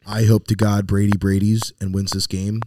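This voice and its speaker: A man's voice: fairly low pitch, level tone, normal speed, noisy background. A man co-hosting a casual sports betting podcast, hyped and teasing in his banter. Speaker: podcast co-host.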